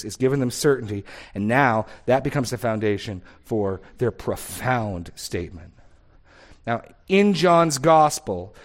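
Man, pastor preaching, earnest, emphatic, mid-pitched voice. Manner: earnest, emphatic, reads scripture aloud with rising force. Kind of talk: sermon.

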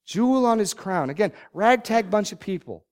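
A man's voice: high-pitched, animated, a little mellow. Emphatic preaching man. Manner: preaching with rising emphatic bursts on scripture; hurried asides to the congregation. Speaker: pastor. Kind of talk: sermon.

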